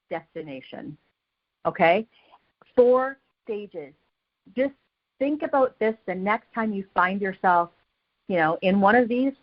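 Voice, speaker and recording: A woman giving a motivational talk as a guest speaker on a team call. She speaks with energy and emphasis and repeats phrases to drive each point home. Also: a little high. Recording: dull lo-fi call audio.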